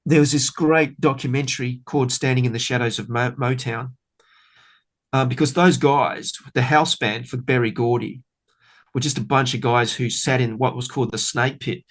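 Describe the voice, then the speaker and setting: Middle-aged man, bass-player guest, chatty and enthusiastic, loose rambling delivery. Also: fairly even intonation, normal speed. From Australia. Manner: enthusiastic, rambling, many fillers. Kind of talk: casual podcast interview.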